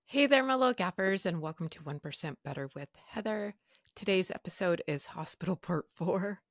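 A woman's voice: fairly low pitch, lively intonation, moderate pace, no echo, clean studio sound. A woman hosting a podcast, telling a personal story frankly with wry humor and casual swearing. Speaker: podcast host.

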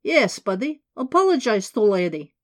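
A woman's voice: medium pitch, very animated, moderate pace, pitched above the performer's own voice, close to an everyday voice. Woman doing a burly Eastern European man. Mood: protective. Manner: blunt, broken English.

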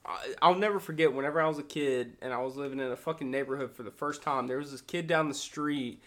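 Young male co-host with a mid-range pitch who talks loose and profane, with quick reactions. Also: a bit bright. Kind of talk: casual chat.

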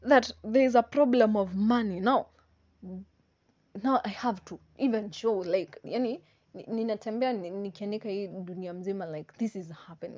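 A woman's voice: medium pitch, moderate pace, dark tone, no echo. Young woman, Kenyan accent, casual motivational vlog, emphatic, repeats herself, dry slightly muffled recording. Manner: emphatic, repeats phrases, mixes slang and tag questions. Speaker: vlogger. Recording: dry, slightly dull sound.

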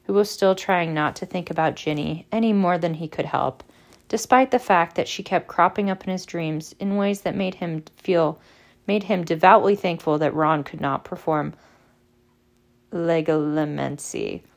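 A woman reading a novel aloud as narrator, measured and expressive. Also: on the low side, creaky. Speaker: audiobook reader. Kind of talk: storybook narration.

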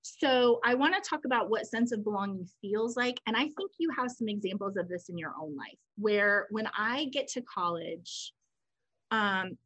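A woman co-host talks through ideas in a relaxed, chatty way and slips into quick quoted voices as she tells stories. Her voice sits at an ordinary middle pitch. The recording is close and dry, with no room echo. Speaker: podcast co-host. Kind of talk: casual conversational explanation.

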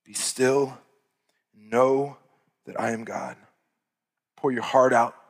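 A man preaching with fervor, his voice climbing high and loud at the peaks, then sinking to near-whispers. His voice has a middling pitch and rings out with a long reverb, as in a large church hall. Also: fairly even intonation, slow pace. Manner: impassioned preaching that swells loud and high, then drops to hushed tones. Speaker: pastor. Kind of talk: sermon.

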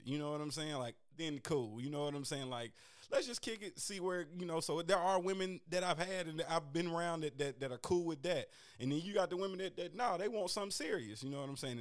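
A man talking casually and candidly about dating, animated and profane, getting loud and high when worked up. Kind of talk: casual chat.

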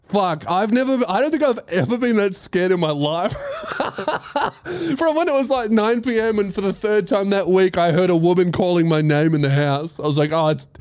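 A young Australian man hosts a casual podcast, telling a story with plenty of swearing. His voice sits high and swings widely as he acts out his own reactions. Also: moderate pace, dry recording, studio quality. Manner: swearing, animated, laughing through the story, acting out his own voice. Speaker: podcast host.

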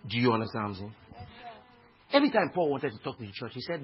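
A Nigerian man preaching a sermon with passion, swinging from hushed tones to shouts. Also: medium pitch, very animated, fast talker. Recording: dull lo-fi recording with faint noise.

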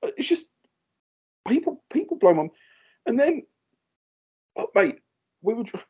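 A man in his thirties, a podcast co-host telling animated stories in casual chat and acting out what others said. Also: very high-pitched, measured pace, husky, lo-fi sound. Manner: animated storyteller, acts out quoted voices.

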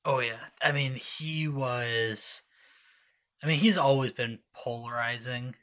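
A man co-hosting a wrestling podcast, agreeing and adding comments with halting restarts. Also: mid-range voice, sharp tone, muffled recording. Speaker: podcast co-host. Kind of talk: casual wrestling chat.

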